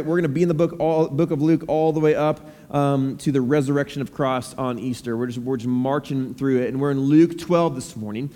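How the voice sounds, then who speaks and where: A pastor in his thirties preaching with a fairly high voice for a man, chatty and loose, restarting phrases and filling gaps with ums. His voice rings with the long reverb of a big church sanctuary. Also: mellow. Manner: conversational, repeats words, many fillers. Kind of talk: sermon with scripture reading. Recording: long reverb of a large hall.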